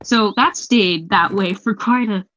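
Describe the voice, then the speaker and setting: A young woman hosting a casual gaming chat, telling a story in an animated, giggly way. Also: medium pitch, measured pace. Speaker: host. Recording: lo-fi muffled mic.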